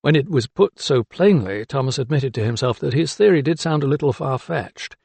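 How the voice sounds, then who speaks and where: A man reading an audiobook in scripted narration, even and measured. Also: mid-range voice, gravelly, husky, no room sound. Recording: dry close studio sound.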